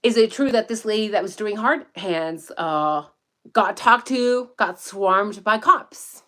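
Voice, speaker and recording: A woman giving casual livestream commentary outdoors in the woods, profane, excitable and rambling as she reads the chat. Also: mid-range voice, slow. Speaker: true-crime commentator.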